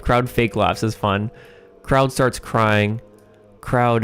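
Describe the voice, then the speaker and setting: A man's voice: lowish voice, steady tone, very slow, clean tone, faint music behind. A man hosting a livestream, thinking aloud while writing a comedy sketch, hesitant with many ums and chuckling as he reads lines aloud.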